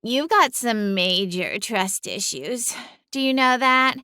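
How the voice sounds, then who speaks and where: A woman's voice: on the high side, animated, takes it slowly, pushed and bright, smooth, dry recording, studio quality, pitched above the performer's own voice, heavily acted. A woman voicing a smug, sassy female cat familiar in an audiobook, with a drawling, sing-song, condescending delivery. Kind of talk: audiobook character voice.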